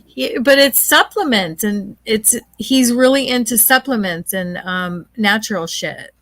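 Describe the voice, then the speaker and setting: A woman's voice: fairly high pitch, measured pace, fairly bright tone, no room sound. A woman co-hosting a live stream in casual chat, teasing and laughing often.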